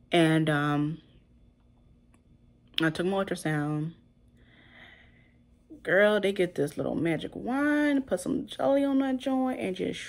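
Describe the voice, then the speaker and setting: A woman's voice: lowish voice, gravelly, darkish tone. A young woman telling a personal story to camera in a casual, emotional, rambling way, full of "like" fillers. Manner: emotional, rambling, heavy use of "like". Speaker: vlogger.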